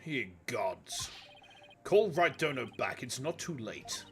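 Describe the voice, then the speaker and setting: A man's voice: medium pitch, very animated, takes it slowly, fairly bright tone, faint music behind, full character voice. A man playing a stern, samurai-like male prosecutor who speaks in a grave, old-fashioned, cutting way.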